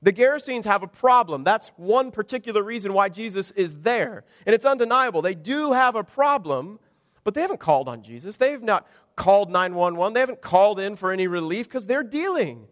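A man preaches a sermon with a high, light voice that rises toward the top of the male range. His delivery is conversational and dryly humorous, and he strings rhetorical questions together. The sound carries a long reverb from a church sanctuary. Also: lively intonation, fairly quick, fairly bright tone. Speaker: pastor.

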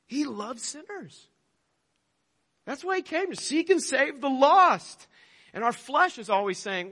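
A man's voice: high voice, sing-song, moderate pace, sharp tone, big-room sound. A male pastor preaching a sermon emphatically, with rhetorical questions.

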